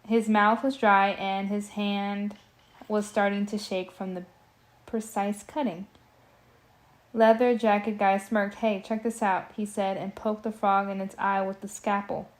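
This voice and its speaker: Young woman reading a spooky kids book out loud, trips on words a lot and cracks jokes, pretty casual. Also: medium pitch, fairly even intonation, slow pace. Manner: stumbles over words and adds joking asides. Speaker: audiobook reader. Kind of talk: casual amateur audiobook reading with commentary.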